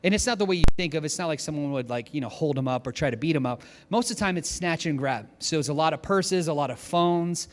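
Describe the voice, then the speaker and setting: A man preaching as a pastor, telling a story in an animated, lively way in a large church auditorium. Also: a little high, quick pace, hardly any pauses. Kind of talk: storytelling sermon. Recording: long hall reverb.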